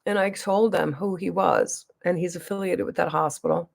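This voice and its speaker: A woman's voice: fairly low pitch, fairly even intonation, moderate pace, creaky. A woman vlogger telling a long personal story to her viewers in a rambling, emphatic way, full of restarts and asides. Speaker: beauty vlogger.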